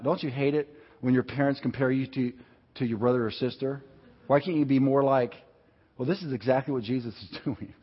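A man preaching a sermon in a lively, conversational way, swinging between loud and soft delivery. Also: medium pitch, fairly quick, breathy edge. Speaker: pastor. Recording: dull sound with long hall reverb.

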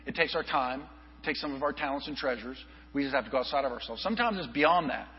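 Male pastor, lively storyteller, slightly husky, muffled sound with a hum under it. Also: medium pitch, quick pace. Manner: animated storyteller, acts out quoted voices. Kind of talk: storytelling sermon. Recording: reverberant hall, dull lo-fi with mains hum.

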